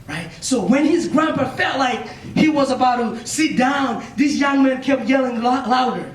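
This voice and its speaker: A man with an unusually high voice gives a motivational talk to young listeners, telling a story with heavy repetition and frequent questions to the crowd. The sound is echoey and distant, with a faint hum in the background. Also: animated, moderate pace, few pauses. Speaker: motivational speaker. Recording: echoey room, mic far off.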